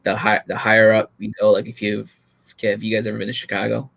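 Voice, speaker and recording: A man's voice: fairly low pitch, completely flat delivery, quick pace, vocal fry, a bit bright. A man chatting casually as a guest, jokey and emphatic and not shy of swearing. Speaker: guest artist. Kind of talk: casual chat.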